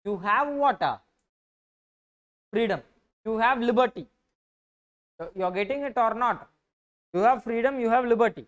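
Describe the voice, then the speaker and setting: A woman's voice: fairly high pitch, moderate pace, long pauses. Indian woman teacher checking the class follows. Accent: Tamil-influenced Indian English. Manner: dictates notes, then explains. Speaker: economics teacher. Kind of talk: classroom lecture.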